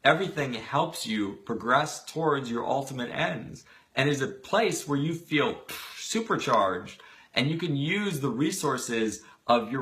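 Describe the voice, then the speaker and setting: A man's voice: mid-range voice, a bit bright. A man giving a motivational video talk, earnest and emphatic, urging listeners toward change. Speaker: motivational speaker.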